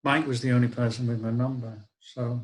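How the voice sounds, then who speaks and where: A man's voice: mid-range voice, flat delivery, fairly quick, rough recording. An older man tells a personal story. His delivery is wry, reflective and conversational, like spoken-word storytelling. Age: 60s.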